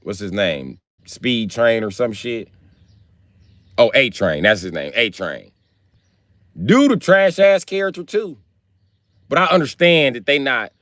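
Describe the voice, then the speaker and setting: A man's voice: medium pitch, a little slow, pauses often, no echo, studio quality. A man on a live stream telling profane, slangy comedic stories in a casual rant. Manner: profane, animated, slangy storytelling.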